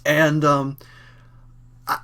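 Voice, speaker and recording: A man's voice: on the high side, monotone, very slow, a bit bright, clear, resonant tone. A young man from Kentucky with a faint Southern accent, hosting a casual live-stream Q&A, rambling with lots of fillers and self-corrections. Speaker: channel host.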